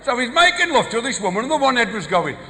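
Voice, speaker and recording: Very high-pitched and sing-song, this man's voice is quick, bright and forceful as he does live stand-up in a big venue. He has a Black Country accent from the English West Midlands and rattles through one-liners and brief gag stories, with live hall reverb and faint noise on the recording.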